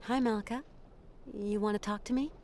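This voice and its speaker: A woman voices a composed, persistent traveller in a video game. She speaks politely and in measured phrases, holding firm when refused, at a middle pitch. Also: steady tone, darkish tone, a little hiss or hum, natural voice.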